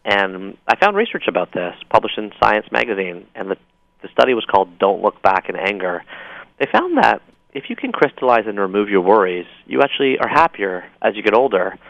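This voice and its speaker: A man's voice: on the low side, creaky, no echo. Upbeat man on a dull dry phone-in. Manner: upbeat, enthusiastic, quick asides and jokes. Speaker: author guest. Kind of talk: call-in interview.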